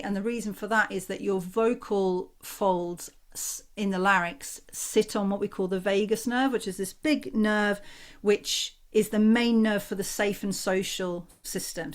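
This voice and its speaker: A woman, a voice coach calmly and encouragingly leading a group through relaxation exercises on a video call. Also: medium pitch. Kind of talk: online workshop instruction.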